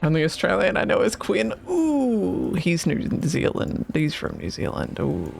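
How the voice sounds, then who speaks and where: A man streaming a game, chatting casually, excitable, swearing and laughing often. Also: high voice, measured pace, gravelly, a little hiss or hum. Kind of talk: casual gaming chat. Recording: faint music behind.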